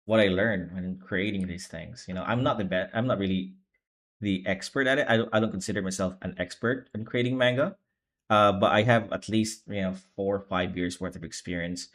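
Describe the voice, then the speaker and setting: A sleepy young man streaming as he draws manga, chatting casually in a rambling, laid-back way that keeps correcting itself. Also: fairly low pitch. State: sleepy, low energy. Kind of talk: casual live-stream chat while drawing.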